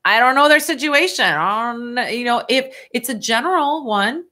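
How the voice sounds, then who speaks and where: A middle-aged woman hosting a casual live Q&A, chatty and animated as she answers viewer questions. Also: fairly high pitch, moderate pace. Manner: chatty and animated, stretching words for emphasis.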